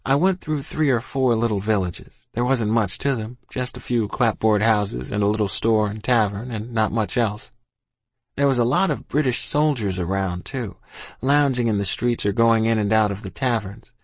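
A man's voice: on the low side, moderate pace, dry recording. A man reading a first-person story aloud as an audiobook, in a folksy, plain-spoken rural dialect. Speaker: audiobook narrator.

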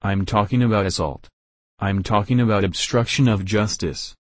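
A man voicing a plainspoken, dutiful deputy who talks in a calm, matter-of-fact drawl. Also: lowish voice, moderate pace, no echo, close to an everyday voice.

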